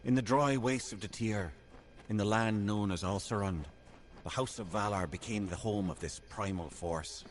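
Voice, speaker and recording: An actor voicing a grave, solemn male narrator in a game cutscene, measured delivery. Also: fairly low pitch, a little hiss or hum, close to an everyday voice.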